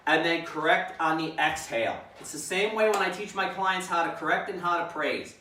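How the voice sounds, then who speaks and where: Dog trainer guy, kinda high voice, talking calm and steady, mic far off in an echoey kennel. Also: normal speed. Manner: calm, steady explaining with frequent restarts and fillers. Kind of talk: instructional demonstration.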